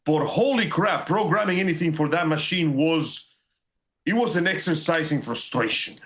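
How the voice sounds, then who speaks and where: A man's voice: a little high, moderate pace, fairly bright tone. A man co-hosting a podcast in casual chat, opinionated, ranting and swearing. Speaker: podcast co-host.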